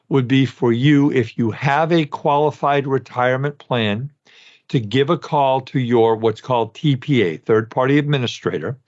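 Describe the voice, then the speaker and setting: Folksy man in his sixties, dull sound. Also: medium pitch. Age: 60s. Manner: folksy, rambling, direct to listeners. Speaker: podcast host. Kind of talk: casual podcast talk.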